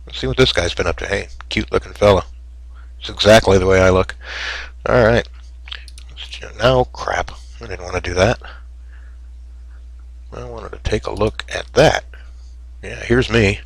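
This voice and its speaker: A man's voice: on the low side, normal speed, vocal fry, long pauses, no echo, low-quality recording. A man giving casual, rambling commentary over a game screencast, with many fillers and self-mocking jokes. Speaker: gamer narrating a screencast.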